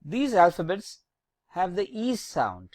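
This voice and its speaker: This French teacher talks very slowly and carefully, drawing out each letter as they spell it. The voice rises and falls in a lively way, and the recording sounds dry and close. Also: mid-range voice, no echo. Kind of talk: slow, deliberate language lesson.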